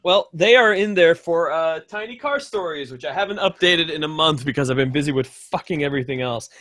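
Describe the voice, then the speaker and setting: A man's voice: on the high side, brisk, no room sound. A man hosting a podcast, chatting casually and joking, with some swearing. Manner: sweary, animated, jokey. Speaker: podcast host. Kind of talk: casual chat.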